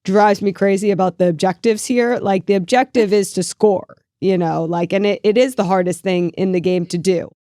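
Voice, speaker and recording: A woman in her thirties co-hosting a chat show, animated and thinking aloud with lots of "like" fillers. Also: medium pitch, normal speed, few pauses, no echo, clean studio sound. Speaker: co-host. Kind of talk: casual chat.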